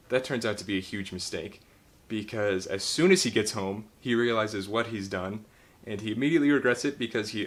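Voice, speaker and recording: Young man, lowish voice, casual book review, rambling, swearing, animated. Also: slight background noise. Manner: rambling, profane, animated retelling with laughs.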